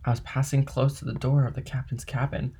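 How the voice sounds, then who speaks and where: A man voicing a scheming, envious male ship's clerk in an audiobook reading, with a husky voice. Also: mid-range voice, level tone, a little fast, warm tone. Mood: sly.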